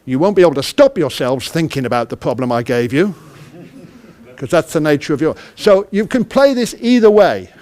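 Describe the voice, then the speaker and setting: Man with a high voice leading a hands-on workshop session; keeps asking the audience questions. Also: animated, normal speed, darkish tone. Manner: quizzes the audience and acts out little dialogues. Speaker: conference speaker, project manager. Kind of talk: interactive workshop talk.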